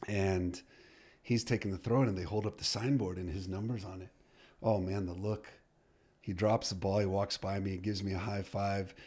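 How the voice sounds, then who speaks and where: A middle-aged man, a soccer coach, telling a story as a podcast guest, lively and full of restarts as he acts out the dialogue. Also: deep voice, moderate pace, slightly rough. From United States.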